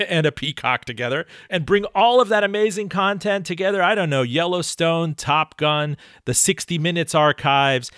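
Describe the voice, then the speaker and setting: Male podcast host, higher pitch, dry close sound, brisk plugs and rambling questions. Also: pushed and bright, clean tone, dry recording. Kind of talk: podcast hosting and interviewing.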